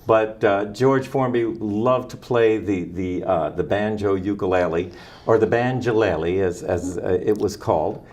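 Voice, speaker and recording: A man hosting a community TV music show, introducing guests with halting restarts. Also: fairly low pitch, a little mellow. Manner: halting, many restarts and fillers. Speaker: host. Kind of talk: casual interview. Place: community access TV studio.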